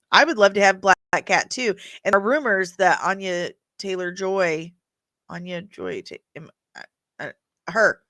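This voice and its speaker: A woman's voice: mid-range voice, bright, forceful tone, no echo. A woman hosting a casual commentary show, blunt and sarcastic, swearing freely. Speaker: host.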